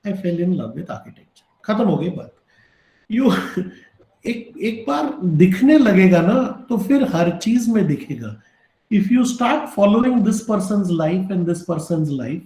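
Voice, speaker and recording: Brief: Indian-accented male architecture lecturer, high voice, eager, roomy echo on his video call. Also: warm tone. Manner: enthusiastic, repetitive exhortations, mixes in Hindi. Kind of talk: online lecture.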